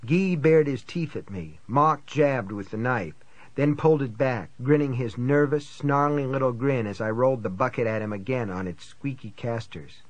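A man's voice: mid-range voice, dry recording. Man narrating a tense thriller. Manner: tense, measured storytelling. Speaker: audiobook narrator. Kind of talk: first-person thriller narration.

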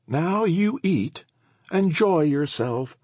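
A man's voice: on the high side, expressive, takes it slowly, darkish tone, slightly rough, dry recording, clean studio sound, voice pushed up, heavily acted. A man voicing a chatty, eager old woman who rattles on with fond memories in an audiobook.

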